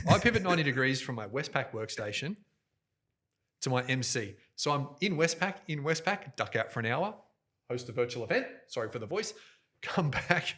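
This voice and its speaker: Energetic man, bright voice. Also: on the high side. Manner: energetic, fast, jokey, talks with his hands toward the mic. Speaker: guest, event host and MC. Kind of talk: animated interview storytelling. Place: podcast studio. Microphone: directional studio microphone.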